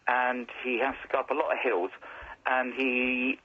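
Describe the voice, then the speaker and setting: Deadpan male caller on a muffled phone line. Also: medium pitch, normal speed. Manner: dry, deadpan jokey. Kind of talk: phone-in chat.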